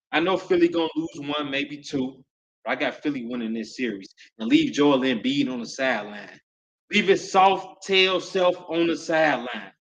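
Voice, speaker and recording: A man hosting a nightly sports talk podcast, ranting loudly with repeated lines and sudden shouts. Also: fairly high pitch, rough recording. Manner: loud, repetitive hype with sudden shouts.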